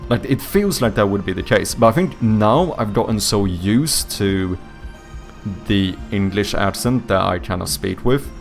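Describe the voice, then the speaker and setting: Low gravelly man with a light Swedish accent. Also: expressive, unhurried, faint music behind. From Sweden. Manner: rambling, searches for words, swears casually. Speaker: streamer and indie game developer. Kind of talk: casual live-stream chat with viewers.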